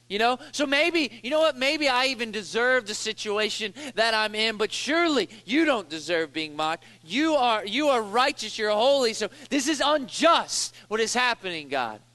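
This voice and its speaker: A man's voice: very high voice, expressive, moderate pace, few pauses, bright, forceful tone. A male pastor preaching a sermon in a church, talking casually and stumbling over repeated words, then pleading with rising intensity as he paraphrases a psalm. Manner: conversational, repeats words, rises to impassioned pleading when voicing the psalm.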